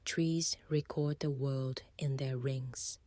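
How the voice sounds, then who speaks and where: A man voicing a calm, menacing, manipulative woman in an audiobook, in a soft, breathy half-whisper with a slow, taunting manner. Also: medium pitch, dry recording, voice pushed up, close to an everyday voice. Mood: coolly menacing. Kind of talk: audiobook character voice.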